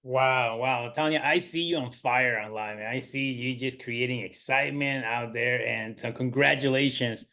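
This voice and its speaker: A man hosting a team video call, upbeat and hype-building, with plenty of fillers. His voice sits at an ordinary middle pitch. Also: fairly even intonation, moderate pace, hardly any pauses, pushed and bright. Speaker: host. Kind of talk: hyped-up team call, announcing winners.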